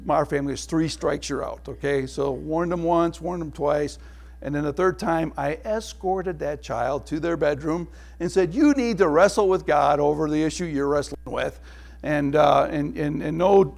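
Giving a sermon, a middle-aged male pastor shares family stories with laughter, then lowers his voice to a hush for prayer. His voice is a little high and gravelly.

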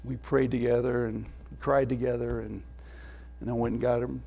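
A middle-aged male pastor giving a sermon, telling family stories with laughs and dropping to a hushed tone for prayer. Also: medium pitch, flat delivery, moderate pace, vocal fry.

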